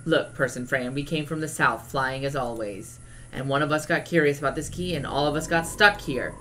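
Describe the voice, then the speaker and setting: A drag queen streamer voicing a flock of gloomy birds in a video game, speaking low and hushed in an aloof drone. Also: moderate pace, slight background noise, rough recording. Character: flock of gloomy birds stuck by their hair.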